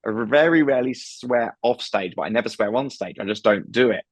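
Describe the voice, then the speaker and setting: A man's voice: mid-range voice, brisk, breathy edge, no echo. A British man, a comedian guest, chatting casually on a podcast with frequent stammered restarts. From United Kingdom. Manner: stammering restarts, acts out voices.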